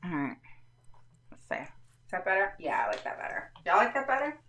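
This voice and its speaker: On a casual parenting live stream, a woman with a mid-range voice walks her viewers through things step by step, her pitch swinging widely at a normal pace. She keeps checking in with "all right," and her slightly bright tone comes through a roomy, somewhat distant mic with a little background noise.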